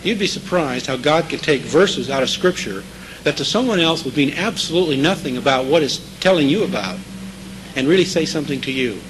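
A man's voice: fairly high pitch, expressive, fairly quick, background noise. A man preaching a sermon in a conversational way, checking in with his listeners and repeating key scripture phrases for emphasis.

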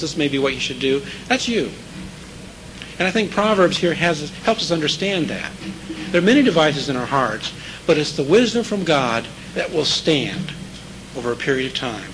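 A man's voice: on the high side, background noise. A man preaching a sermon in a conversational way, checking in with his listeners and repeating key scripture phrases for emphasis.

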